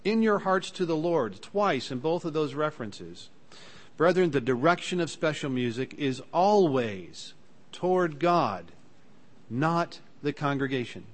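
A man's voice: lively intonation, measured pace. A man preaching a sermon, plain and earnest, lifting his voice when he reads scripture aloud and slipping into fillers between points. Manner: earnest, rises in pitch and volume when reading scripture aloud; plain teaching tone with occasional fillers and restarts.

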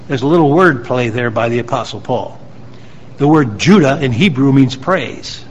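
A man's voice: mid-range voice, animated, normal speed, a little hiss or hum, low-quality recording. A man preaching a sermon to his congregation, reading scripture aloud and stressing key lines with rising emphasis. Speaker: pastor.

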